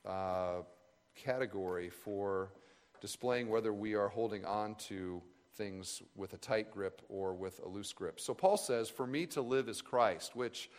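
Low-voiced guy preaching a camp sermon, earnest and thoughtful, lots of pauses, long hall reverb. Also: steady tone, a little mellow. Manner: earnest, reflective, with pauses and restarts. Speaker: speaker at a camp retreat.

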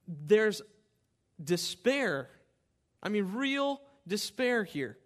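A man's voice: measured pace, fairly bright tone. A man preaching a sermon, reading scripture with fervent, rising emphasis and then explaining it to his church. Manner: impassioned scripture reading, rising in pitch and volume. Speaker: pastor.

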